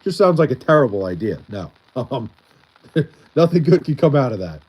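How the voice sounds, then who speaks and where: A man's voice: mid-range voice, sing-song, normal speed, muffled recording, slight background noise. A man with a Long Island accent chatting casually on a livestream, rambling and leaning on "like" as he answers his chat. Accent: Long Island New York. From Long Island, New York. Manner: rambling, heavy use of "like" and restarts.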